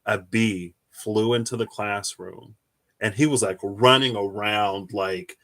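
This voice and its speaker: A young man chatting casually on a live stream while reading tarot cards, rambling through stories and jumping into high, laughing outbursts. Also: takes it slowly. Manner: rambling storyteller, animated, bursts into high-pitched squeals and laughter.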